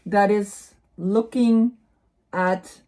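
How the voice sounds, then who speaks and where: A woman's voice: medium pitch, fairly even intonation, drawn-out words, warm tone. A woman with a German accent giving a casual tarot reading, rambling and often repeating words. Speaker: tarot reader.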